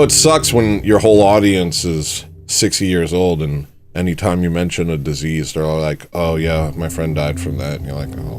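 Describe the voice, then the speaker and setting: A man hosting a comedy livestream, rambling and self-mocking as he swings between mock panic and low mumbles. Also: darkish tone. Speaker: livestream host. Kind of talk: casual comedic livestream chat.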